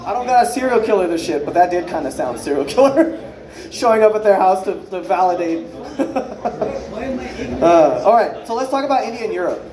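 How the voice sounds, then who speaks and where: A man's voice: high-pitched, sing-song, moderate pace. A man in his thirties doing an unrehearsed stand-up set, rambling loosely, swearing a lot and acting out other people's lines. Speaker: stand-up comedian. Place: comedy club stage with a live audience. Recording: echoey club room with crowd. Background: audience laughter.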